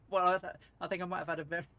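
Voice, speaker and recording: A man's voice: high voice, pushed and bright. A man streaming a flight simulator, chatting ruefully to viewers and laughing at his own mishaps. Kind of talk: live game stream commentary.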